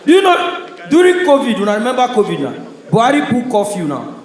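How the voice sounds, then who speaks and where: A Nigerian man delivers stand-up comedy on stage, his voice sitting high and carrying loudly through the room. His stories come in punchy bursts, and a strong hall echo surrounds every line. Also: wildly swooping pitch, fairly quick, a faint crowd. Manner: loud, punchy storytelling with audience laughter. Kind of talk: stand-up comedy in Pidgin English. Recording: echoey live hall sound.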